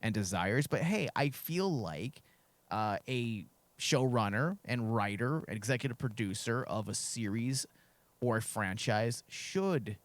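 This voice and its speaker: A man's voice: mid-range voice, expressive, unhurried, dry recording. A man co-hosting a casual podcast discussion who talks frankly, gives strong opinions and makes crude jokes, and is losing his voice. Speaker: podcast co-host.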